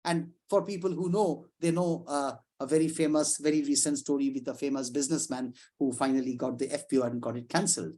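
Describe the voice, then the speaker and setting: A middle-aged woman psychiatrist gives an informal lecture over a video call, talking in a lively, conversational way with frequent restarts and asides. Her voice is extremely low-pitched, and she speaks fairly quickly with hardly any pauses.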